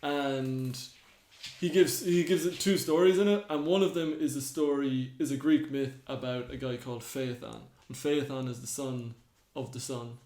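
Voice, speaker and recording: A man's voice: mid-range voice, steady tone, normal speed, darkish tone. Man retelling myths casually. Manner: retells myths with acted-out quoted lines. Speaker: podcast co-host. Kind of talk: casual storytelling chat. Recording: roomy echo.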